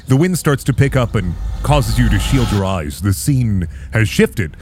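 A man's voice: on the low side, unhurried, hardly any pauses, soft background music. Young man narrating a tabletop game. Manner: calm descriptive narration, casual swearing. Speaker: game master.

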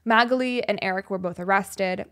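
A young woman co-hosting a podcast, telling a true crime story in a somber, halting way with fillers and sighs. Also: medium pitch, a bit bright. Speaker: podcast co-host.

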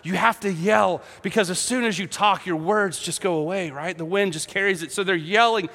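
A man preaching a sermon, telling a story with animated energy, acting out voices and laughing along. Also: high voice, brisk, in a large hall. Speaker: pastor.

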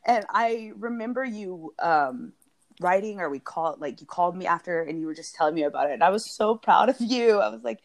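Effusive, chatty woman with a low-pitched voice. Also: expressive, a little fast. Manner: warm, effusive, chatty, laughs readily. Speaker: podcast co-host. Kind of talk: casual heartfelt conversation.

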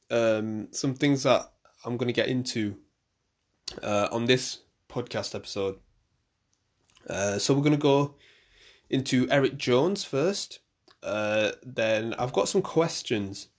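A young man from the UK hosting his own podcast, chatting casually in a loose, rambling way with lots of fillers and restarts. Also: medium pitch. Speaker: podcast host. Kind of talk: casual solo podcast chat. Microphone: camera and mic for a video podcast.

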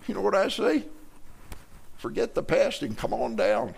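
A man's voice: a little high, very animated, moderate pace, gravelly, pauses often, breathy edge. A man preaching a sermon from a church pulpit to his congregation, talking in a loose, conversational way, restarting his words and joking with the people. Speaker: pastor. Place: church sanctuary.

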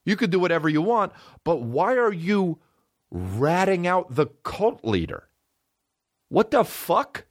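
Cult leader put on by a male comic: high-pitched, furious, foul-mouthed. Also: big pitch swings, measured pace, heavily acted. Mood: angry ranting. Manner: profane, yelling insults. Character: ranting male cult leader, shrill and hostile.

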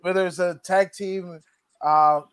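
High-voiced man cracking loose, profane jokes. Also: steady tone, slow pace, fairly bright tone, clear, resonant tone, no echo. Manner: loose, joking, profane asides. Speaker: MMA show co-host. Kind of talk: casual joking chat.

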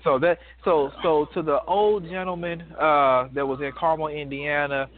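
A man's voice: fairly high pitch, normal speed. Man in his thirties on a phone line. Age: 30s. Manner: emphatic, animated retelling with many restarts. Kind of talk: casual storytelling.

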